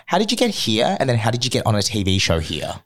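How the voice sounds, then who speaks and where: A man's voice: mid-range voice, huge pitch swings, fast. A male podcast co-host who chats casually, speaks bluntly and swears freely. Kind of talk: casual chat.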